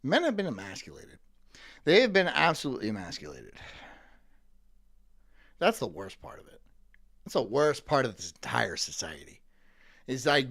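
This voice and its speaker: A male streamer rants in a sarcastic, profane voice. His pitch swings widely from low grumbles up to mocking highs. He breaks into scornful voices as he goes. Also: creaky, fairly bright tone. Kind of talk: live-stream rant.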